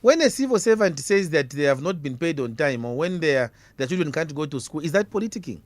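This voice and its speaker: A man with a Zambian accent, slightly high-voiced, animated, and a little fast, battles as an opposition guest in a radio debate. Combative in manner, he repeats his questions for emphasis, and the recording has no echo.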